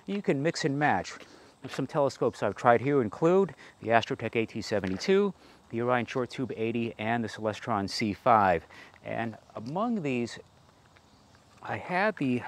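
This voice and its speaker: Guy reviewing a small telescope, plain practical talk, dry little jokes, average pitch. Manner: practical, dryly joking asides. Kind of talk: product review walkthrough.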